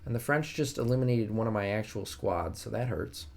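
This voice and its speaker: A man's voice: lowish voice, animated, a little fast, vocal fry, a little hiss or hum. A young man casually commenting on his strategy game live stream, joking with his chat. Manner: chatty, jokey, talks to chat.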